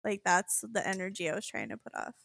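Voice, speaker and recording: A woman's voice: medium pitch, fast, vocal fry, a bit bright, no room sound, clean studio sound. A woman co-hosting a comedy podcast, joking around and giggling. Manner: playful, giggly. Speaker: podcast co-host. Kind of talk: casual comedy podcast banter.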